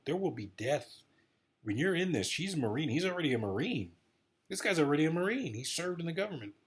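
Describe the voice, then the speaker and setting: A man giving a rambling, excitable casual monologue about politics, repeating himself often. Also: on the high side, breathy edge. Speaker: political commentator vlogger.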